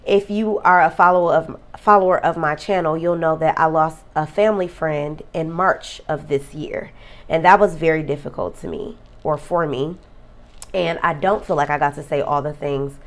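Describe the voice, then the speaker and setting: A woman's voice: sits low, moderate pace. A woman vlogger talking earnestly about a friend's death, emotional and close to tears. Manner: emotional, tearful; reflective, earnest. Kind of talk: personal vlog talk.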